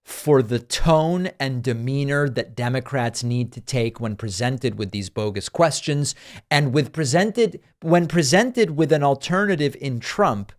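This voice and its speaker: A man's voice: mid-range voice, a little slow. A man hosting a political news commentary show, delivering dry, sarcastic remarks. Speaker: host.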